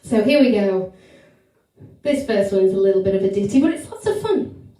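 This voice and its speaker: A woman's voice: mid-range voice, lively intonation, fairly quick, warm tone. A woman singer and performer introducing songs in a bubbly, chatty way, talking straight to her audience during a live stream. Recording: very echoey room, mic at a distance, backing music.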